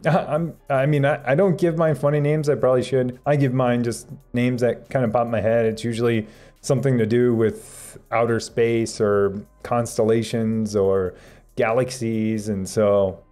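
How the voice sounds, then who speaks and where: Streamer host, male, mellow and relaxed, stammering casual chat, soft music behind. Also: medium pitch. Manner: relaxed, stammering restarts, reads chat aloud. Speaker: tech livestream host. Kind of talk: casual livestream chat answering viewers. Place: home office room.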